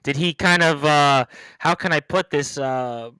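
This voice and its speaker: A man's voice: fairly high pitch, a little slow, bright, forceful tone, clear, resonant tone, no room sound. A man with a New York accent hosting a sports talk show, asking questions in a chatty way. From New York City. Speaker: sports radio host. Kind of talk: casual interview.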